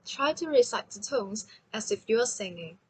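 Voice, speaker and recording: A woman teaching a language lesson, slowly and carefully demonstrating sounds and tones. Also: on the high side, lively intonation, darkish tone, slightly rough, low-quality recording.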